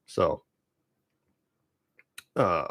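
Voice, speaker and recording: This young streamer drags out his words in a fairly bright tone. He rambles dismissively to his chat, leaning heavily on "like" as he rants.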